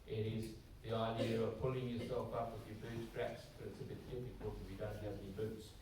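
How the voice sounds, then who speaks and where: A man's voice: fairly low pitch, little pitch movement, brisk. An Australian man giving a conversational public talk as an Anglican priest to a church audience, acting out bits of dialogue in shifting voices. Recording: very echoey hall, distant mic, faint noise.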